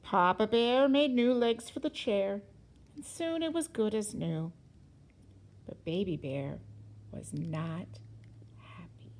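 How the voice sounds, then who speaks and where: A woman teacher reading a children's story aloud in an expressive, sing-song way, sometimes dropping to a whisper. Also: medium pitch, takes it slowly, rough recording.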